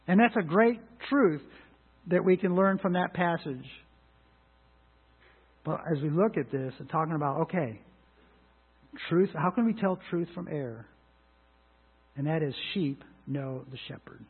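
A middle-aged man preaching a sermon in an earnest way, rising to emphatic lines and dropping to quiet asides. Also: fairly high pitch, measured pace, long pauses, breathy edge, phone-quality sound. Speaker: pastor.

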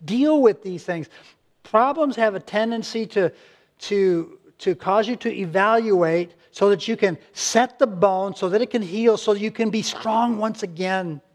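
High-voiced earnest male pastor. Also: measured pace. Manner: earnest, conversational, many restarts and acted-out quotes. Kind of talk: sermon.

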